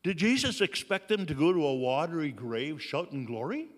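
A man preaching a sermon, earnest and slow, with dramatic pauses. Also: on the high side, very animated, long reverb tail. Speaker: pastor.

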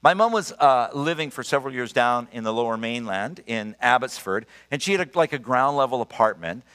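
A man in his sixties preaching a sermon, emphatic and animated, telling personal stories. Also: medium pitch, fairly quick. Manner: animated, emphatic, storytelling with laughs. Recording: long reverb of a large hall.

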